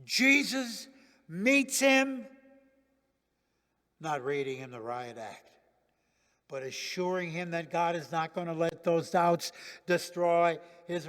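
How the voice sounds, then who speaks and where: A male pastor preaching a sermon in a church, swinging dramatically from loud declarations to hushed near-whispers. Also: high-pitched, in a large hall.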